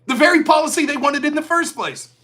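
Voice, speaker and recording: A man's voice: very high-pitched, quick pace, bright, forceful tone. A man hosting a political commentary live stream, reading viewer donations and mocking opponents sarcastically. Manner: sarcastic, mocking, mimics opponents in put-on voices. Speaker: political commentary show host.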